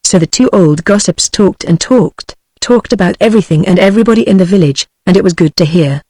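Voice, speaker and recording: A text-to-speech voice narrating a classic novel in an even, unhurried synthetic reading. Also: mid-range voice, no room sound. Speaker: audiobook narrator.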